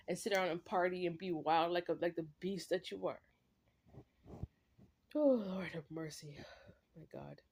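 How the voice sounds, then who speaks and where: Woman ranting in a confrontational monologue. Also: medium pitch. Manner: confrontational, repetitive, talks straight at an absent man. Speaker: vlogger.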